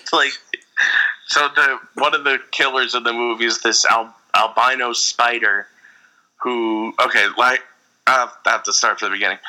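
A man co-hosts a casual podcast chat, telling a rambling, animated story between laughs. His voice is very bright and forward. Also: mid-range voice, rough recording. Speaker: podcast co-host.

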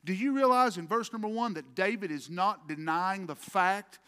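A male pastor preaching a sermon emphatically, swinging between loud, forceful lines and hushed ones. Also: sits high, moderate pace, clear, resonant tone. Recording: long hall reverb.

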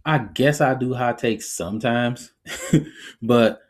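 Speaking slowly, a male podcast host of middle pitch muses over his views in a relaxed, lively, conversational manner. Quick to laugh, he keeps wandering into small acted-out quotations as he reflects.

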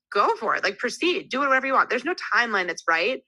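A woman's voice: on the high side, fast talker, dry recording, rough recording. A woman in her thirties, a podcast guest in casual chat, telling stories candidly and animatedly with lots of "like". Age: 30s. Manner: candid, animated storyteller full of "like" fillers.

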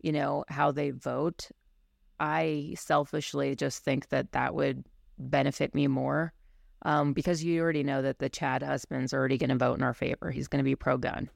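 Blunt gravelly-voiced woman cohost, lots of vocal fry, dry close mic, says "you know" a lot. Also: rumbling low, little pitch movement, moderate pace, no room sound. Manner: candid and blunt, many fillers like "you know". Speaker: podcast co-host and firearms instructor. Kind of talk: casual podcast chat.

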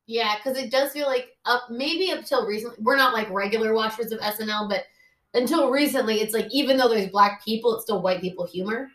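A woman's voice: fairly high pitch, brisk, fairly bright tone, recorded from a distance. A woman co-hosting a podcast in casual chat, who laughs easily and makes dry asides. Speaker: podcast co-host. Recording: roomy, off-mic sound.

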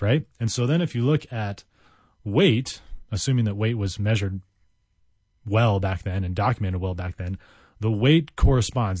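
Casual male vocabulary teacher, low mellow voice, dry close sound, rambly and repetitive. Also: dry recording. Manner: chatty, goes off on tangents and repeats words.

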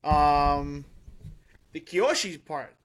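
A man co-hosting a podcast, chatting casually and excitedly, rambling with restarts and laughs. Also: a little high, very slow. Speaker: podcast co-host. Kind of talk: casual chat.

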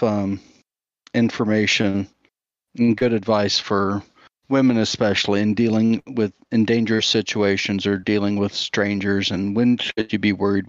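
A man co-hosting a casual podcast in a lowish voice. He talks in a thoughtful, measured way with small hesitations. His mic sounds slightly dull and dry. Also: no echo. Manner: thoughtful, measured, recommends books. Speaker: podcast co-host. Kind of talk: casual group chat.

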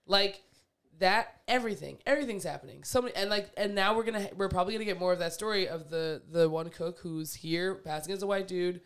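A woman's voice: fairly low pitch, fairly quick. A woman co-hosting a casual podcast chat, talking emphatically with an exasperated edge. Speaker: podcast co-host. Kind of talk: casual chat reviewing a TV show.

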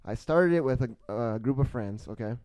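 A man's voice: mid-range voice, lively intonation, normal speed, darkish tone, dry recording. A young man guesting on a podcast, chatting casually and playfully, often hamming it up. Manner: joking, playfully over-dramatic. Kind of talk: casual chat.

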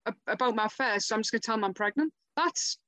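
A woman with a high voice talks bluntly on a podcast, swearing and laughing often. The sound is close and dry, with no room echo at all. She speaks plainly, in her own natural voice. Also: fast talker, fairly bright tone. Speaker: podcast participant. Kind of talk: casual chat.

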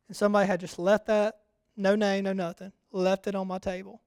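A man preaching a sermon, chatting casually with the congregation and building to loud, rousing repetition. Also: sits high, level tone, a little fast, smooth, no room sound. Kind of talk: sermon with personal storytelling.

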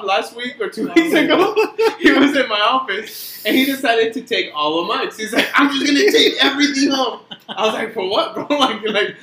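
Swearing, high-voiced man telling a rambling story. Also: pushed and bright, echoey room, a little hiss or hum. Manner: rambling, swears constantly, acts out quoted dialogue, laughs often. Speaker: podcast co-host telling a story. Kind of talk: casual profane storytelling among friends.

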